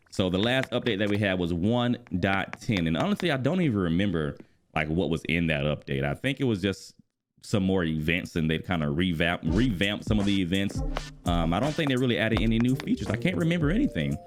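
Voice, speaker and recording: A man in his thirties casually chatting about a video game while he plays, animated and quick to exclaim. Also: low-pitched, slight background noise. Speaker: gaming YouTuber and streamer. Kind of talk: casual gaming vlog commentary while playing. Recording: music bed playing clearly behind the voice.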